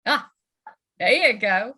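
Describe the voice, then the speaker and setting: A Southern woman hosts a relaxed online book club, chatting loosely with plenty of fillers. Her voice sits fairly high and sounds bright and forceful. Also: slow, husky. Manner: chatty, filler-heavy, laughing often. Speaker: host. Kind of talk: casual webinar hosting.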